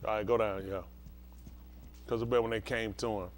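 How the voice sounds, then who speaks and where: A man's voice: fairly low pitch, little pitch movement, normal speed, slight background noise. A man preaching as a pastor, teaching scripture and often asking the listeners if they follow. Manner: keeps checking the listeners understand. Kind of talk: bible teaching with call-and-response.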